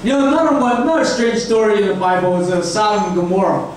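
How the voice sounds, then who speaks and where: A man's voice: sits high, quick pace. A man doing crude, rambling stand-up comedy, checking in with the crowd with a constant "right?". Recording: echoey room from far off, faint noise.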